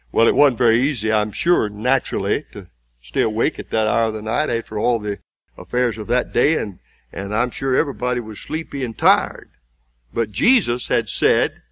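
A man preaching a sermon in a folksy way, building to loud, emphatic, slowly repeated lines. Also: medium pitch, dry recording.

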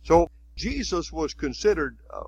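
Man preaching, husky and folksy. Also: fairly high pitch, sing-song, a little slow, a little mellow, muffled recording. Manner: folksy, conversational preaching with frequent "you see". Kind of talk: sermon.

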